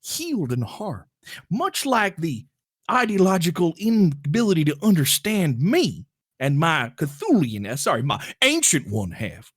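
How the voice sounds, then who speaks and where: A man's voice: fairly high pitch, wildly swooping pitch, unhurried, husky, no room sound, studio quality, heavily acted. A man voicing a strange ancient cosmic father who talks in a rambling, theatrical way. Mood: grandiose. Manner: rambling, theatrical, later a goofy Southern drawl.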